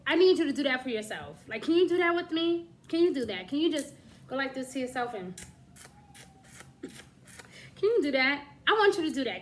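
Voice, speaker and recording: A woman giving a casual astrology reading to camera, coaxing and lively, often checking in with her listener and laughing between points. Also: high voice, slight background noise. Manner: coaxing, keeps saying "my love" and "okay?". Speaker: astrology reader.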